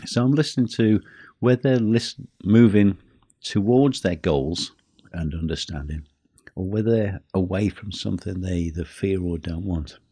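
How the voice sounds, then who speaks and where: Deep husky-voiced male podcast teacher. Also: dark tone, no room sound. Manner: measured, slows down for emphasis. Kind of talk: scripted podcast talk.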